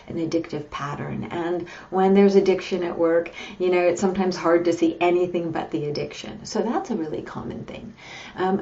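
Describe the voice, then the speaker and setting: A woman psychologist speaks in a low, mellow voice through dull, lo-fi webcam audio. She gives earnest, emphatic advice in a live video chat and keeps checking in with her viewers. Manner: earnest, emphatic, often asks "right?". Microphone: computer or webcam mic on a video chat.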